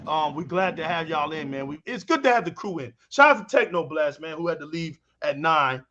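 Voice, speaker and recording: A man's voice: on the high side, lively intonation, brisk, bright, forceful tone. A man hosting a gaming live stream in casual chat, laughing and calling his guests "fam" and "bro". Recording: muffled lo-fi audio.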